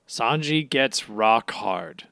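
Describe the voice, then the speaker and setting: A man co-hosting a podcast, casually recapping anime with dry, deadpan jokey interjections, on a close mic. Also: medium pitch, extremely slow, creaky, clear, resonant tone, no room sound. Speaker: podcast co-host.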